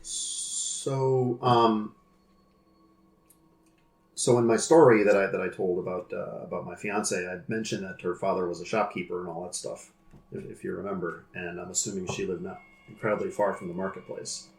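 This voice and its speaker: A man's voice: deep voice, fairly even intonation, moderate pace. A man playing a tabletop game who earnestly describes what his character does. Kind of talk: casual tabletop play. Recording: roomy echo.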